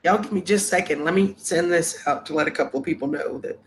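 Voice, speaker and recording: A woman's voice: fairly low pitch, quick pace, slight background noise. Congested woman chatting on a livestream. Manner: chatty, greets viewers with endearments. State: congested and sniffly with a cough. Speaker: live stream host. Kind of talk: casual live stream chat. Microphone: laptop microphone.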